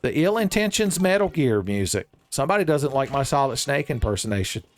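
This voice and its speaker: A man giving casual, jokey let's-play commentary, rambling and breaking into excitable outbursts. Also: mid-range voice, brisk, no room sound. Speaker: gaming streamer.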